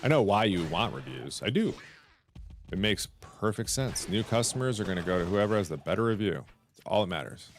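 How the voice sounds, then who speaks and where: A man's voice: lowish voice, expressive, a little fast, a little hiss or hum. A man streaming casually, telling a long story and acting out both sides of his phone calls. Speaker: Twitch streamer.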